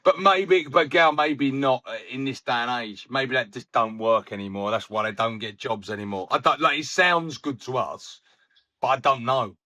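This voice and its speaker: A man's voice: medium pitch, normal speed, sharp tone. A man on a casual football podcast, rambling through stories and acting out the people he quotes. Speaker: podcast co-host.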